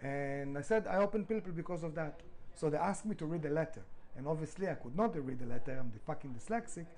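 A man's voice: on the high side, lively intonation, fast talker, a little mellow, low-quality recording. A middle-aged man, a restaurant founder, telling his story in a podcast interview, emphatic, swearing freely, with non-native grammar.

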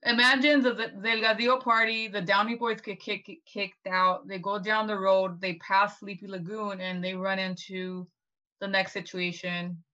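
Woman co-host, bright edgy tone, chatty and rambling, dull lo-fi audio. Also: medium pitch, flat delivery, normal speed. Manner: rambling, full of "like" and restarts. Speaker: podcast co-host. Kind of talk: casual history discussion.

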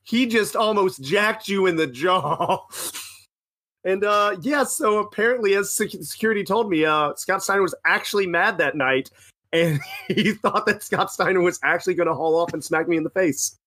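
A man's voice: high voice, normal speed, pushed and bright. A young man co-hosting a casual podcast, telling rambling anecdotes with lots of self-corrections. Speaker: podcast co-host. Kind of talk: casual storytelling.

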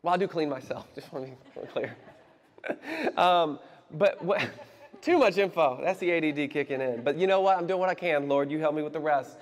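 A man preaching a sermon as pastor, animated and conversational with bits of humor. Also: on the high side, moderate pace, long reverb tail.

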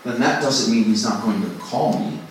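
A man's voice: medium pitch, normal speed, slight background noise. Man teaching in an echoey room. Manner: conversational, self-deprecating, acts out inner voices. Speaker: songwriting workshop speaker. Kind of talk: informal teaching talk to a group. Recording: distant mic in a very echoey room.

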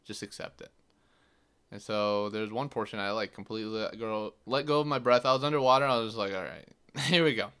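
Young guy podcasting, lowish smooth voice, rambly and casual, swears a lot. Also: level tone, a little fast, fairly bright tone. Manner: loose and chatty, full of "like" and swearing. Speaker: podcast host. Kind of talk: casual storytelling monologue.

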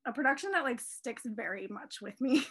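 A woman's voice: a little high, lively intonation, normal speed, fairly bright tone, slightly rough. A young adult woman co-hosting a casual podcast chat, rambling through tangents and filler words. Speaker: podcast co-host. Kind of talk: casual chat about musical theater.

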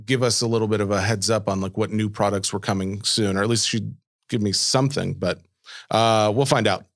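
A man co-hosting a podcast in casual chat, reading listener mail aloud and answering in a relaxed way. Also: lowish voice, brisk, no room sound, studio quality. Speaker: podcast co-host.

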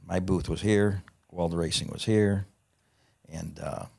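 A middle-aged man telling a profane, lively anecdote in casual conversation. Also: sits low, takes it slowly, gravelly. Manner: profane, animated anecdote teller. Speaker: guest. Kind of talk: casual storytelling.

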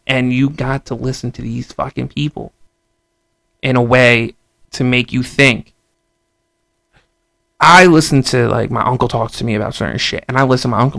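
A gravelly, slightly bright voice of medium pitch belongs to a young man ranting to camera in a casual vlog, recorded without room sound. He curses heavily, stresses his points over and over, and stammers as he restarts sentences.

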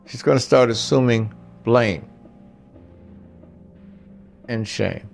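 Man, older, gravelly, blunt, casual advice monologue, storytelling. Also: medium pitch, takes it slowly, faint music behind. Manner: blunt, storytelling, talks straight to the guys. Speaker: relationship advice speaker.

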